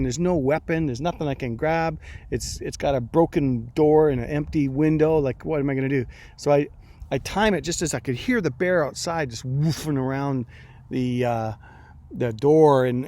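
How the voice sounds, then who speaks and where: A man's voice: fairly high pitch, darkish tone. A middle-aged man, a pastor, telling a personal story in a devotional talk, acting out his own reactions as he goes.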